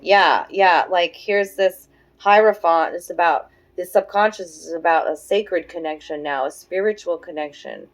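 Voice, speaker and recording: A woman in her forties giving a casual tarot reading, thinking aloud in a soft, musing way with frequent fillers. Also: fairly low pitch, unhurried, low-quality recording. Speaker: tarot reader.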